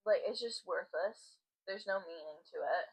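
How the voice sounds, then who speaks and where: A young woman co-hosting a casual faith podcast, soft and hesitant, with many fillers. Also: fairly low pitch, normal speed, husky, low-quality recording. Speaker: podcast co-host.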